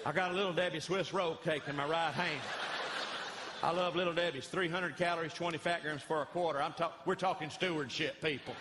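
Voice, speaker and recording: A middle-aged man telling animated, folksy comic stories as a Christian comedian in front of a live audience. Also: a little high, a little fast, very noisy. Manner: folksy, animated, acts out voices of others. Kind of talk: live stand-up storytelling. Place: church hall with a live audience.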